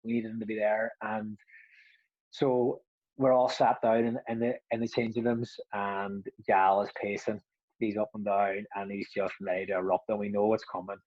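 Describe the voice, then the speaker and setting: Brief: ex-footballer, young adult, husky voice, rambling and laughing, dry lo-fi sound. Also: male voice, fairly low pitch, flat delivery, moderate pace, no echo. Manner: rambling, laughs often, restarts. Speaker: former footballer, podcast co-host. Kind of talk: casual storytelling.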